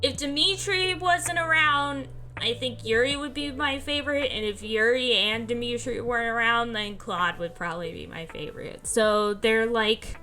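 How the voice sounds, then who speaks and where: A woman's voice: on the high side, normal speed, hardly any pauses, pushed and bright, faint music behind. A sleepy woman streamer chatting casually, rambling along and laughing often while she yawns. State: sleepy, yawning. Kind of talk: casual livestream chat.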